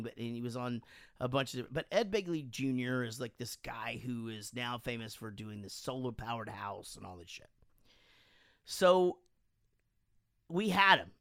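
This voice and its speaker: Man, animated storyteller, tipsy, dry close sound. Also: medium pitch, dry recording. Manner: animated, swearing, acts out quotes. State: drunk. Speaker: podcast host and band frontman. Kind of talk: casual storytelling chat.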